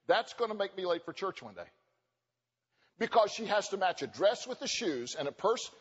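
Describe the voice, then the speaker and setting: A man preaching a sermon at a church conference, animated and joking, acting out quoted voices. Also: high-pitched, normal speed, husky. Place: church sanctuary. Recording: dull recording with long hall reverb.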